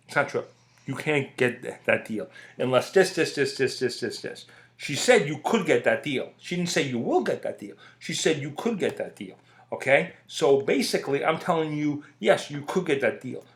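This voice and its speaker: A middle-aged man in a casual ranting monologue, blunt and profane, hammering his points home by repeating them. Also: mid-range voice. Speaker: podcast host.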